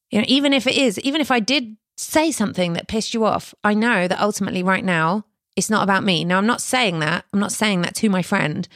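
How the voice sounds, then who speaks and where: A woman's voice: mid-range voice, brisk, fairly bright tone, no echo. Earnest woman podcaster, dry close sound. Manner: earnest, conversational, with rhetorical questions. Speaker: podcast host. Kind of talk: reflective solo podcast talk.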